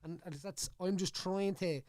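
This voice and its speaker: This Dublin man, a former fighter appearing as a podcast guest, has a high, darkish voice and speaks at a moderate pace. His relaxed, rambling studio chat is peppered with stumbles, repeated words and "you know what I mean," captured cleanly with no echo.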